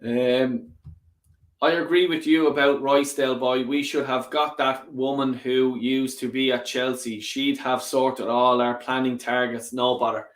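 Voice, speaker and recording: Sweary, animated man in a roomy room. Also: mid-range voice, measured pace. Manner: animated and sweary, rants and laughs often. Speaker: football fan channel host. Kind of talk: casual live-stream chat reading viewer comments.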